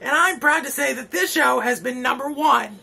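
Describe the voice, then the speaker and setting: A man's voice: very high-pitched, normal speed, vocal fry, bright, forceful tone, breathy edge. A man hosting a comedy vlog, giving a rambling, self-important farewell speech and then interviewing a guest. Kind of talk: mock-solemn comedy monologue.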